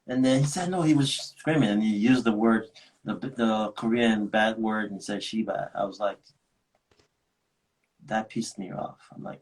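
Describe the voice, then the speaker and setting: Guy host on a live chat, rambling animated stories, regular mid voice. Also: mid-range voice, measured pace, rough recording. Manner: animated storytelling, switches into Korean.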